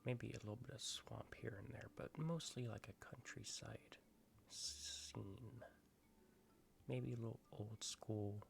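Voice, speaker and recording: A man hosting an ASMR gaming video, rambling in soft-spoken commentary that drifts between a quiet voice and whispers. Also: fairly low pitch, fairly even intonation, slow, vocal fry, a little hiss or hum.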